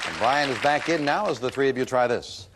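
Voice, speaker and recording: A man hosting a game show, reading questions and scores in a brisk, upbeat manner. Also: mid-range voice, lively intonation, fairly bright tone, a faint crowd. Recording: old broadcast tape with studio audience noise.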